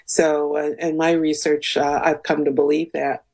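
A woman guest on a radio show, speaking calmly and earnestly with hesitant fillers. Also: low voice, normal speed, creaky, husky, low-quality recording. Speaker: guest researcher. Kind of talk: radio interview.

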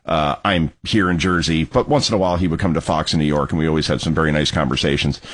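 A middle-aged man hosting a commentary show, sarcastic and mocking, who bursts into yelling. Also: extremely low pitch, fast. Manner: animated, mocking, yells in bursts. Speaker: host. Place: studio in New Jersey.

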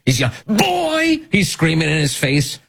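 A male radio host with a slightly husky, raised voice that swings widely as he mocks and jeers. He talks in an opinionated, sarcastic commentary style, often breaking into mimicked voices. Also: fairly high pitch, sing-song, normal speed, a bit bright. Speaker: radio talk show host.

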